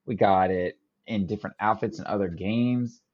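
A man's voice: on the low side, normal speed, lo-fi sound. A man co-hosting a casual podcast chat, easygoing and hesitant, with many ums and restarts. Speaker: podcast co-host.

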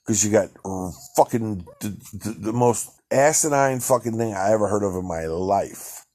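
A man's voice: on the low side, normal speed, mellow. Profane, exasperated male podcast ranter. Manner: profane, exasperated, laughing ranting. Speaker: podcast host. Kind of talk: ranting solo podcast commentary.

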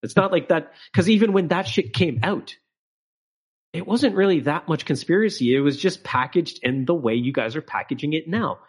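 A man's voice: on the high side, lively intonation, moderate pace, breathy edge. A man co-hosting a podcast, ranting with emphatic, profane opinions and frequent filler words. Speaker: podcast co-host. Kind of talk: casual podcast chat.

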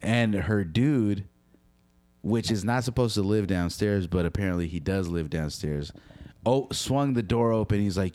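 Young adult man, low voice, profane and animated storyteller, dry close sound. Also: normal speed, no echo. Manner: profane, animated, quotes people in dialogue. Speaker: storyteller recounting a dispute. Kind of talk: casual storytelling.

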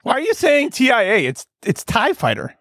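Man, radio host, high lively voice, brash mocking banter, dry close mic. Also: moderate pace, no room sound. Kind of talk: crude hot-talk radio banter.

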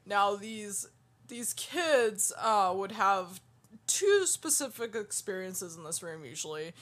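A woman's voice: medium pitch, animated, slow pace, a bit bright. Female podcast co-host, casual and giggly, reading her research. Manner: laughs often, reads details aloud.

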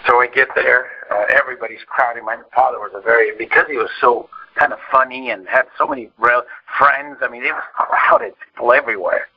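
Husky preacher, emotional testimony with restarts, recorded distant and dull. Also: male voice, medium pitch, fairly even intonation. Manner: emotional storytelling, halting restarts. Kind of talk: testimony sermon.

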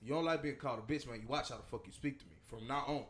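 A man telling a story in casual, profane chat, loud and animated, breaking into laughter. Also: medium pitch, racing, heavy background noise. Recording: roomy echo.

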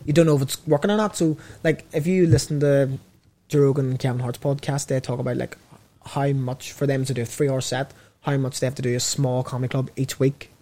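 A man's voice: medium pitch, fairly even intonation, brisk, mellow. A Northern Irish man telling rambling stories in a casual chat about comedy, with many restarts.

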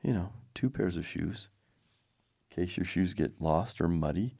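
A man's voice: low voice, a little slow, vocal fry, mellow, husky, no echo, clean studio sound. A man telling a rambling personal anecdote with wry, self-deprecating humor and many digressions. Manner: digressive, frequent restarts.

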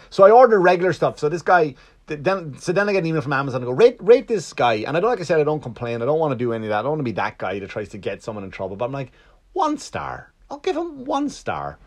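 A man telling a long story in a casual, rambling monologue. He swears freely, restarts often and acts out the other side's lines. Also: mid-range voice. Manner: rambling and profane, with many restarts.

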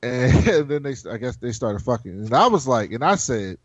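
A man hosting a casual chat, recapping a show in a profane, animated way and acting out the characters' lines. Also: medium pitch, moderate pace, hardly any pauses, dry recording, lo-fi sound. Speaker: podcast host.

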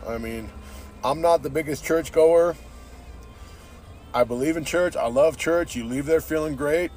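Male podcast host, mid-pitched, casual rant, heavy swearing, opinionated and blunt. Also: darkish tone. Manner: profane, says "dude" constantly.

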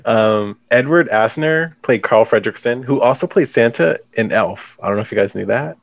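A man's voice: mid-range voice, lively intonation, normal speed, gravelly, no room sound. A man hosting a casual chat about a film, talking loosely with lots of fillers. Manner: chatty, leans on "like". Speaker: podcast host.

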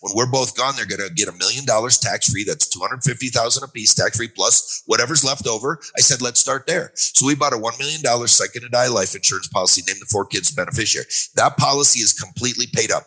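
Bright, husky older man explaining. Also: medium pitch, fast talker, hardly any pauses, low-quality recording. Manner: emphatic storytelling with repeated refrains and acted quotes. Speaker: guest author on a finance show. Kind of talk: conversational interview, explanatory.

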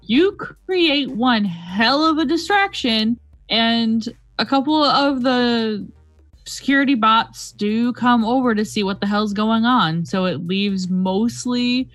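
A woman narrating as game master of a tabletop game, brisk and amused. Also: a little high, a bit bright, dry recording, soft background music.

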